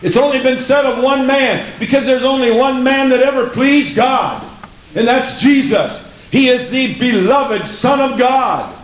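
A man's voice: very high-pitched, a little slow, reverberant, low-quality recording. A man preaching a sermon in an emphatic way, repeating lines and asking the congregation questions.

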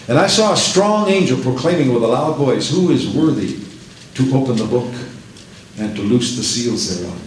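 A man preaching a sermon in an emphatic, repetitive style that builds to shouts. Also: a little high, reverberant, poor audio.

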